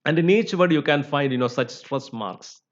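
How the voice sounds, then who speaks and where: A man's voice: on the high side, expressive, normal speed. Man teaching English word stress. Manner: many fillers like "you know" and "uh". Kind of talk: lecture. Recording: slightly dull recording.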